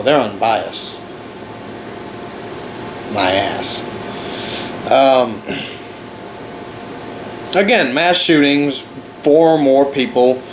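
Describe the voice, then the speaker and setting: A man's voice: mid-range voice, roomy sound, slight background noise, poor audio. Sarcastic, profane ranting man vlogger. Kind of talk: ranting commentary.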